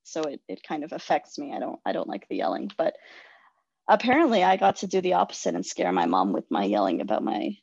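A woman chats casually in a gravelly voice, her pitch moving a lot as she talks. She is open and self-deprecating, with plenty of fillers, recorded dry and a little dull. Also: big pitch swings, fairly quick, a little mellow, no room sound. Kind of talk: casual conversation.

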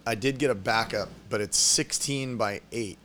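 A man's voice: fairly low pitch, normal speed, fairly bright tone, slight background noise. A man organizing an event, talking in a laid-back, slangy way and swearing freely. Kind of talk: casual chat.

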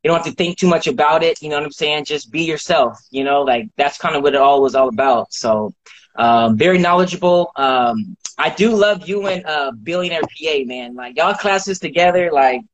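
A man's voice: a little high, normal speed, highs cut off. A man giving a casual testimony as a course member, easygoing and full of filler phrases. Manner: easygoing, heavy on "you know what I'm saying". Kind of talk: casual live-stream chat.

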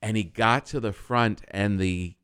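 A man's voice: lowish voice, unhurried, a bit bright, clean tone, dry recording. A middle-aged man from New Jersey, a guest comedian on a podcast, telling stories and mimicking people in raised voices. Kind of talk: casual chat.

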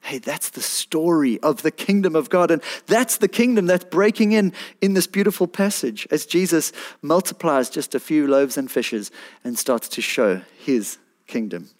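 A pastor delivers a sermon to his congregation, his voice a little high for a man. He speaks at a moderate pace, animated and pleading, building up to emphatic peaks.

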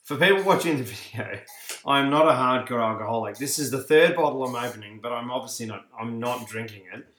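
A man's voice: mid-range voice, a little fast, fairly bright tone, echoey room. An Australian man co-hosting a casual podcast chat, telling stories and laughing as he talks. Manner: chatty storyteller, laughs while talking. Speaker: podcast co-host.

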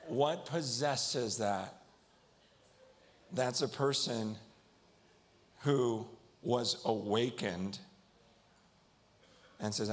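A man delivering a sermon on stage at a live event. His voice sits at an ordinary middle pitch for a man. He tells the story the way you would to friends, slipping into the voices of the people he quotes. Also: very slow, long pauses. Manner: storytelling, conversational, quoting others. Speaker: preacher.

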